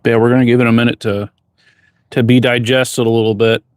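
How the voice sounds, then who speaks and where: Man, blacksmith streamer. Casual, rambling chat at a mid-range pitch, with a dry close sound. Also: little pitch movement, a little fast, smooth, no room sound. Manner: laid-back, rambling, reads viewer questions aloud. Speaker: blacksmith livestreamer. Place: forge workshop.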